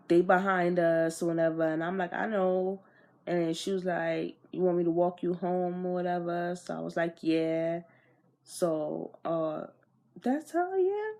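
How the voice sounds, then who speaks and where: A young woman vlogger telling a storytime casually in slang, swearing and getting animated, recorded on an iPod camera. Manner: animated, slangy, swears, pitch jumps when riled.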